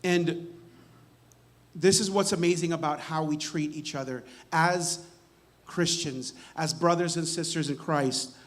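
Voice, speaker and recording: A man's voice: a little high, steady tone, a little slow. A man preaching a church sermon in a casual, conversational way, often restarting words and checking in with "right?". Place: church sanctuary.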